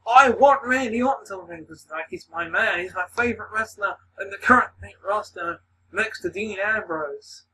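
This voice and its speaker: A man rambling excitedly in a casual monologue, swearing often as he gives predictions. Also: high-pitched, normal speed, far from the mic, slight background noise, rough recording. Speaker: video maker giving predictions.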